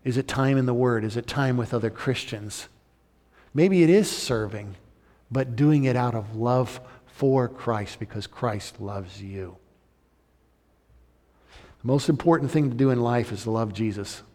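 A man delivers a sermon from the pulpit in a middle-pitched voice. He rises to loud, urgent emphasis and then drops to soft, intimate appeals. His voice rings with the long reverb of a large hall. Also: unhurried. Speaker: pastor.

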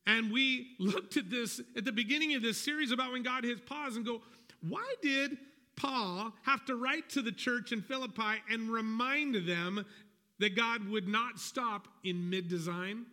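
A pastor delivering a sermon, earnest and animated, acting out people's inner dialogue with God. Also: male voice, very high voice, unhurried. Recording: reverberant hall.

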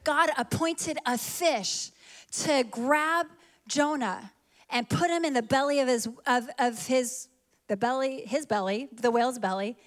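A woman preaching a sermon, retelling a story in a lively way and acting out the characters' lines. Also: high-pitched, a little slow.

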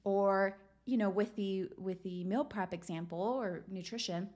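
Unhurried and a little mellow, her mid-range voice stays fairly even in intonation as she hosts a casual self-help podcast. She's encouraging throughout, often tossing in a "right?".

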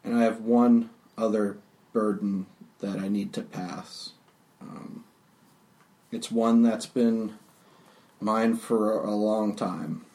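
A man's voice: on the low side, steady tone, slow pace, pauses often, dark tone, distant mic. A man playing a grave old village elder. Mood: solemn.

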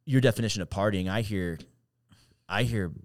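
A man's voice: on the low side, moderate pace, dry recording. A man co-hosting a faith podcast, talking casually but preaching, often repeating himself and quoting scripture. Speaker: podcast co-host.

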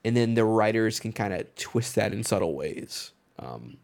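A man chatting casually on a podcast with a gravelly, creaky voice and a lively, swooping pitch. He often stumbles into restarts and laughs easily. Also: moderate pace. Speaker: podcast co-host. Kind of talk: casual comic book chat.

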